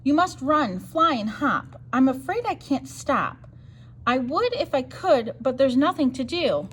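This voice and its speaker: A woman's voice: sits high, lively intonation, unhurried, a bit bright, pitched above the performer's own voice. A woman voicing a big apologetic male elephant in a storybook, pleading in rhyme. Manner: pleading, rhyming storybook speech.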